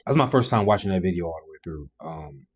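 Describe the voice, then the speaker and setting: A man with a fairly low voice delivers blunt reaction commentary between video clips. He talks plainly and disapprovingly about what he has just watched. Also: lively intonation, fast talker, husky.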